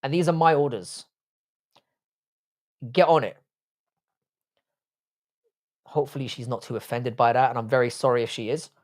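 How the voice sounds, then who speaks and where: A young man from England, English-accented, hosts a livestream where he reads viewer comments and talks bluntly, swearing. His medium-pitched voice moves at normal speed and pauses often.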